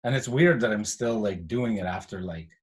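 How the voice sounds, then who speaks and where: Animated man telling studio stories. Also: on the low side, moderate pace. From Canada. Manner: animated storyteller, acts out quotes, swears. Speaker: guest house music producer. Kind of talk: casual chat.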